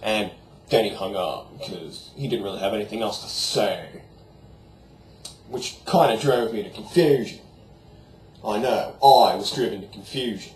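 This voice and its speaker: A man's voice: lowish voice, unhurried, pauses often, darkish tone, natural voice. Man doing a goofy dim young guy, profane slacker rant, echoey room, faint hiss. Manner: slacker drawl, crude and profane. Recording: roomy echo, faint background noise.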